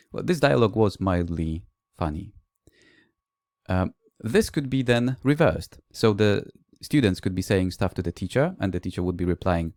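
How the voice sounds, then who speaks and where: A man's voice: sits low, animated, normal speed, a little mellow, dry recording, studio quality. A man, a language teacher, giving a recorded conference presentation that mixes explanation with classroom anecdotes and the odd "uh".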